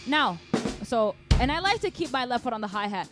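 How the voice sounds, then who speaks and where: A young woman teaching a drum lesson on a live stream, energetic and chatty, counting and singing rhythms aloud between grooves. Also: fairly high pitch, a little fast, loud music behind the voice. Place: home drum room. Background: drum kit.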